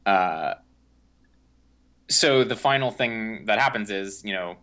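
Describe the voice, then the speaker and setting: A man's voice: lowish voice, expressive, takes it slowly, bright, forceful tone. A young man co-hosting a podcast, recapping a film in a rambling, casual way with lots of fillers and restarts. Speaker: podcast co-host. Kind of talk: casual movie discussion.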